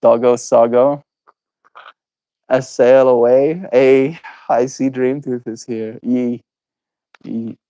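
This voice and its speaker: A South African man in his twenties, chatting with viewers in a slow, musing way during a stream. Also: medium pitch, flat delivery, dark tone, no room sound, rough recording. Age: 20s. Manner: slow, drawn-out and musing, laughs easily. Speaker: daily livestreamer. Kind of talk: reflective stream chat with viewers.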